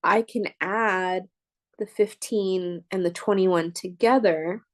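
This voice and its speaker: Slow, patient woman math lecturer. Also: mid-range voice, no echo. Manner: thinks aloud while writing, checks in with listeners. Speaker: math professor. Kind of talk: lecture working problems on a board.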